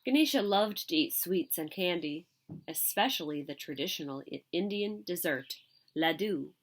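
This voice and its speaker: A woman reads a picture book aloud in an expressive, animated way. Her pitch leaps around a lot as she tells the story. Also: normal speed. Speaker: story reader.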